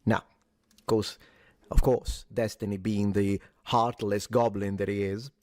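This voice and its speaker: A man's voice: lowish voice, flat delivery, a little slow, a little mellow, no echo, clean studio sound. A man giving casual commentary in a mocking, lecturing way.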